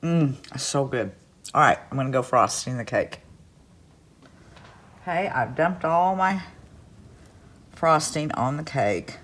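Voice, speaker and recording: A woman's voice: extremely low pitch, expressive, slow, pauses often, a bit bright. A woman talks to her viewers from her home kitchen in a loose, chatty way. She rambles, drifts off topic and tosses in folksy asides as she shows her crafts. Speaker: crafts vlogger host. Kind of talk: casual chat to camera.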